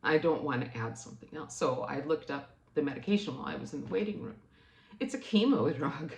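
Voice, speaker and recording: A woman with a low voice recounts a personal story in an earnest, emotional way. Her voice climbs higher as she gets upset. The room around her gives a noticeable echo. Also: expressive, fairly quick, vocal fry. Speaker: vlogger.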